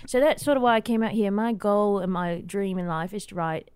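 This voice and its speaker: A woman's voice: mid-range voice, fairly quick, darkish tone, clear, resonant tone, no echo, natural voice. A woman voicing an earnest, emotional young Australian college student in improvised comedy, rambling and stumbling over words. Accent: put-on Australian, hard to follow. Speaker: podcast guest.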